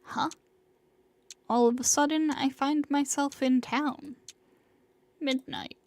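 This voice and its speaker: A woman streamer reading a visual novel aloud in a dramatic, hushed way, sometimes sinking into whispers. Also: high-pitched, fairly even intonation, dry recording. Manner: slow and hushed, sinking into whispers in tense passages.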